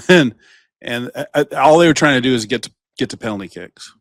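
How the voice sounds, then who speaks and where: A man's voice: medium pitch, animated, moderate pace, no echo, studio quality. A man co-hosting a podcast, giving sports takes in casual chat with lots of false starts. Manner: chatty, breaks off and restarts a lot. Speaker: podcast co-host.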